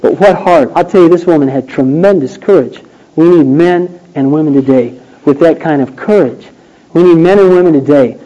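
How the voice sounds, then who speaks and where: A man preaching a sermon, emphatic and rhetorical, swinging between loud declarations and hushed questions. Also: a little high, moderate pace, dull audio.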